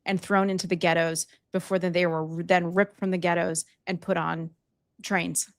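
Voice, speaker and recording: A woman's voice: on the low side, little pitch movement, moderate pace. A woman co-hosting a political podcast, talking casually and backing up her co-host. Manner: agreeing, chiming in, casual. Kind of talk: conversational political talk.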